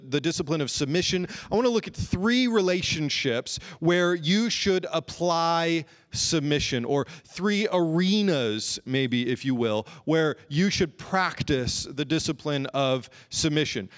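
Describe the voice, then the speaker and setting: A man preaching a sermon in an earnest way, slowing down and drawing out key phrases for emphasis. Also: on the high side. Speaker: pastor.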